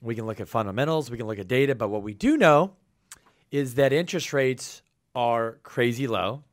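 A man co-hosting a podcast in casual chat, talking with an energetic, hyped-up delivery. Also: mid-range voice, normal speed, no echo, studio quality. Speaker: podcast co-host.

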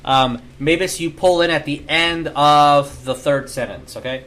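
A man running a tabletop role-playing game, explaining rules and narrating in a laid-back, halting way. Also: fairly high pitch, steady tone, fairly bright tone. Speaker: game master.

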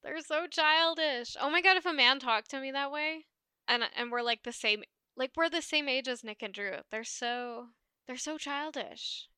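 A woman's voice: sits high, moderate pace, sharp tone, clean tone, dry recording. A woman co-hosting a podcast in casual chat, emphatic and prone to repeating her phrases. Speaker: podcast co-host.

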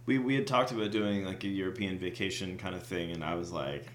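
A man with a fairly low voice co-hosts a relaxed chat. He jokes around and restarts his sentences often. His voice carries a noticeably roomy echo. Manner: jokey, halting with restarts. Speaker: podcast co-host. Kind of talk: casual chat.

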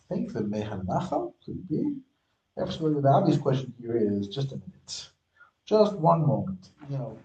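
A man's voice: mid-range voice, warm tone, reverberant, low-quality recording. A man teaching a religious text line by line. He explains in English, mixes in Hebrew terms and often restarts his sentences. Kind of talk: textual study lesson.

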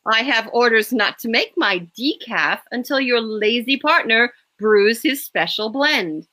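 Bossy, sassy pregnant woman with a Boston accent, high and bright, put on by a female reader. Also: expressive, unhurried. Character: sharp-tongued pregnant woman, office manager.

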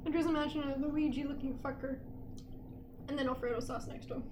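High-voiced blunt podcast woman. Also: steady tone, quick pace, noisy background. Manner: blunt, swears casually. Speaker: podcast co-host. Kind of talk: casual chat. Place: apartment.

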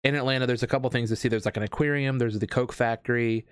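A man telling a long story in casual chat, rambling with lots of fillers and restarts, getting animated. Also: mid-range voice, fast, clean tone, dry recording, clean studio sound. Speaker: escape room game host.

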